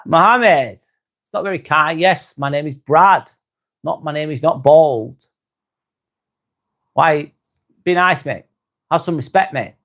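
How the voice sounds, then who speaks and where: Calm East Lancashire man, live chat. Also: fairly high pitch. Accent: East Lancashire English. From North West England. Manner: calm, unhurried, winding down, calls people mate. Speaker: live stream host. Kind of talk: relaxed live stream chat reading viewer comments.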